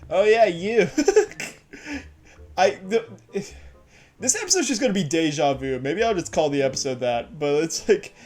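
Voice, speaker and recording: A man's voice: on the high side, sing-song, fairly quick, a little mellow. A man casually commentating his gameplay, rambling and laughing at himself. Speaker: let's play host.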